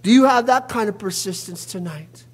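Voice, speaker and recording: A man preaching a fervent sermon as pastor, with frequent "uh" fillers and bursts of shouting. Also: high voice, moderate pace, slightly rough. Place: church sanctuary. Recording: long hall reverb from a church.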